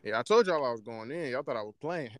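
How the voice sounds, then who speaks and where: A man in casual podcast chat, talking in an animated, slangy way and checking in with his listeners as he explains. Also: mid-range voice, moderate pace, no echo. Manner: animated, slangy, often asks "you know what I'm saying". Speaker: podcast co-host.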